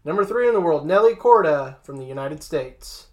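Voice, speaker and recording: A middle-pitched sports show host runs through ranking lists in a plain, casual reading voice. Small jokes and asides break up the lists. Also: expressive, moderate pace, a little mellow.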